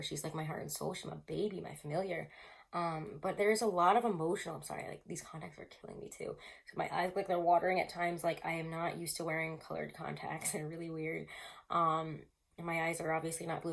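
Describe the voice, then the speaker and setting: A woman's voice: on the low side, vocal fry. A woman giving a casual tarot reading to camera, chatty and rambling, full of fillers, often laughing. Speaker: tarot reader.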